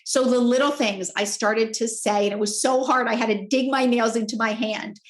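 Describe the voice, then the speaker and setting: Animated woman telling a story, echoey room. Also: moderate pace. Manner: animated, jumps up in pitch to act out quoted speech. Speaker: podcast guest. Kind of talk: personal storytelling in conversation.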